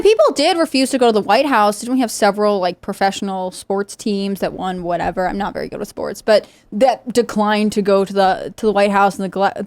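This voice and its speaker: A woman's voice: mid-range voice, a little mellow, smooth, no echo. Sarcastic woman on a talk panel. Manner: conversational, mildly sarcastic. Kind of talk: political talk show discussion.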